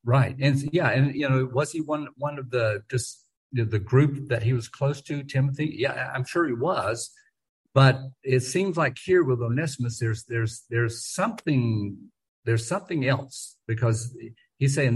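A man with a husky, slightly rough voice teaches a relaxed Bible study. He talks in a loose, conversational way, stumbling and repeating words as he thinks, and presses firmly on the words he wants to stress. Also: mid-range voice, normal speed, low-quality recording.

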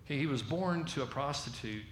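A man with a Southern American accent preaching a sermon as a lively storyteller, acting out the voices of the people in his story. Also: mid-range voice, moderate pace, roomy sound, a little hiss or hum.

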